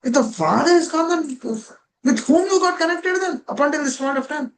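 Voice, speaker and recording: A man's voice: very high voice, lively intonation, moderate pace, slight background noise, rough recording. A man gives a devotional scripture class over a video call. He keeps asking rhetorical questions and linking ideas with "that means.".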